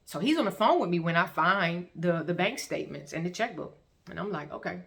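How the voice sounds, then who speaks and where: A woman telling her personal story as testimony, in an animated, repetitive storytelling manner. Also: on the low side, brisk, gravelly. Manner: animated storytelling with repeated phrases and acted-out quotes. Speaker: testimony vlogger.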